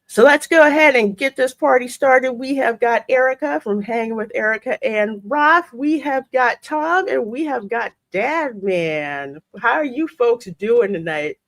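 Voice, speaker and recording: A woman hosts a casual live-stream chat, her pitch swooping up and down as she talks. She laughs often and keeps the energy high. Her voice sounds close and dry, with no room echo. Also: a little slow, few pauses. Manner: lively, laughs often, Southern phrasing. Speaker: podcast host.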